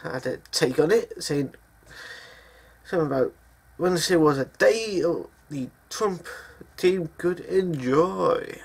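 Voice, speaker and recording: A man rants through the day's news, his voice gravelly and husky. He swings his pitch widely and talks slowly, with frequent swearing. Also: lively intonation, darkish tone. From Britain. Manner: profane, angry ranting with frequent swearing. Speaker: news commentary vlogger. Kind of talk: ranting news commentary.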